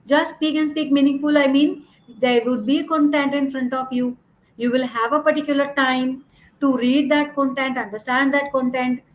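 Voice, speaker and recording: A woman's voice: high-pitched, a little hiss or hum, poor audio. A woman exam coach teaching a lesson over slides, speaking in an instructive way, repeating her points and using "you know" as a filler.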